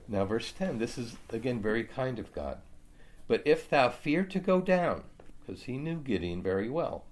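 A man teaching a Bible study, reading scripture aloud and then explaining it casually. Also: lowish voice.

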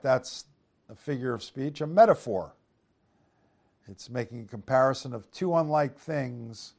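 A man's voice: mid-range voice, gravelly, darkish tone. A man preaching a Bible lesson in a conversational way, reading King James verses aloud and asking his listeners rhetorical tag questions. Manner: reads scripture aloud in King James wording; conversational with frequent restarts. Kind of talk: Bible teaching.

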